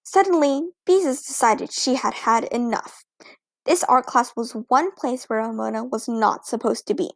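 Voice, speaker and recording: A woman reads a children's storybook aloud with lively expression. Her voice is high and has a touch of vocal fry. The recording is close and very dry. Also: normal speed, no echo. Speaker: audiobook narrator. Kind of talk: storybook narration.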